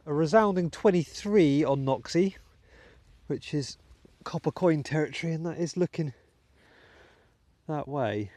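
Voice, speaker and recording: A man's voice: fairly high pitch, unhurried, warm tone, dry recording. Chatty British man vlogging in a field. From United Kingdom. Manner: chatty, talks to viewers while working, muttering asides. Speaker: metal detecting channel host. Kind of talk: casual vlog commentary while digging. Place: outdoors in a wet field.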